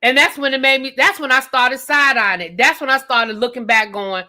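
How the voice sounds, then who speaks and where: A sassy woman hosts a live rant, talking straight to her chat and repeating questions for emphasis. Her voice sits a little high and comes through bright and forceful. She keeps an animated, loose, conversational flow. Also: moderate pace, hardly any pauses. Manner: sassy, talks straight to chat with "y'all" and "baby". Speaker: host of a live review stream.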